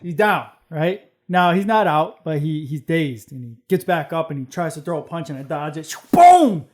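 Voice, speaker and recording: A man's voice: fairly high pitch, sing-song, moderate pace, a little mellow. A man telling a street-fight story on a podcast in a casual, slangy, profane way. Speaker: podcast guest.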